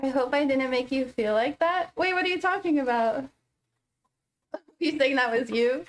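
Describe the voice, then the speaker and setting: A woman's voice: sits high, lively intonation, normal speed. A young woman streaming live, chatting casually with viewers and telling a story with laughs. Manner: chatty, laughing storyteller reading chat aloud.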